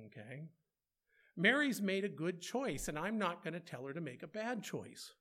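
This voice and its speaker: High, lively-voiced male preacher. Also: moderate pace. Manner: rhetorical questions and playful asides. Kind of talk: conversational sermon.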